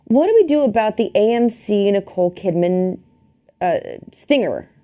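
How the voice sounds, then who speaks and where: Woman cohost chatting on a podcast, bouncy pitch, warm tone, laughs a lot. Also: lively intonation, moderate pace. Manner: playful, laughing often. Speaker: podcast co-host. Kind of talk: casual chat.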